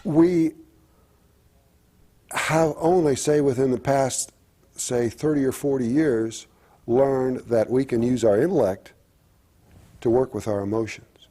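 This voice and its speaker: Mellow-voiced man speaking haltingly. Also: mid-range voice. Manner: halting and reflective, with many restarts. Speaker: guest. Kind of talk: candid personal talk-show conversation.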